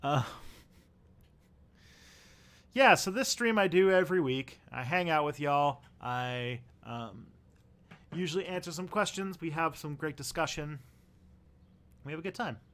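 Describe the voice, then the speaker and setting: A man's voice: fairly high pitch, lively intonation, normal speed, fairly bright tone. Chatty man hosting a live stream. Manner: chatty and rambling, easygoing. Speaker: livestream host. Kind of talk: casual live-stream chat.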